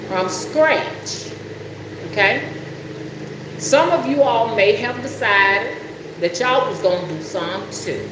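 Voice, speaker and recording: Teasing, chatty older woman live-streaming. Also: mid-range voice. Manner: chatty, teasing, laughs often. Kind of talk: casual live-stream chat. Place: hot kitchen at home. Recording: echoey room with background noise.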